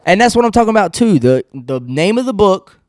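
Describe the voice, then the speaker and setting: A man's voice: high voice, very animated, brisk, no room sound, studio quality. A man hosting a podcast solo, ranting bluntly and rambling, swearing constantly and laughing at his own remarks. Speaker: podcast host. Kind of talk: profane solo podcast rant.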